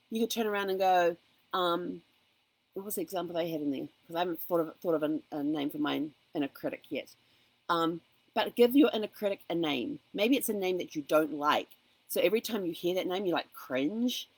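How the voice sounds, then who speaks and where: Woman, host, motivational self-help talk, earnest, encouraging, fairly low voice, dry recording. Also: fairly quick, dry recording, low-quality recording. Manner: earnest, encouraging, personal asides.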